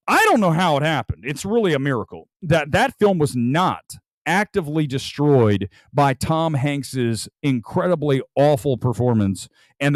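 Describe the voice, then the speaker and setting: A man's voice: a little high, no room sound. A man hosting a live-streamed movie talk show, opinionated and rambling, talking straight to his chat. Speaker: film channel host.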